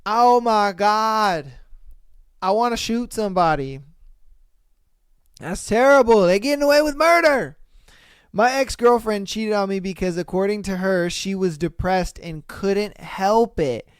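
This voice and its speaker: A man's voice: high voice, measured pace, clear, resonant tone, dry recording, studio quality. A man hosting a podcast who reads dating stories aloud and reacts with slangy, exclamatory rants, calling his listeners bro. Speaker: podcast host. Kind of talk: casual reaction commentary.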